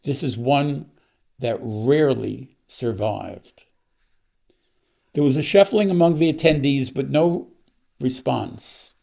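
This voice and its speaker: Man, author reading his novel, steady storytelling, mellow tone. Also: medium pitch, takes it slowly, vocal fry, pauses often.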